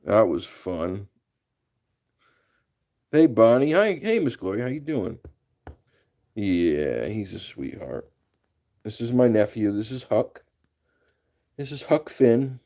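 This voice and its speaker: Casting note: man, lowish voice, casual chatty livestream host who laughs easily. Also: very animated, slow pace, long pauses, mellow. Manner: chatty, laughs often, greets viewers by name. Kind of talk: casual live-stream chat.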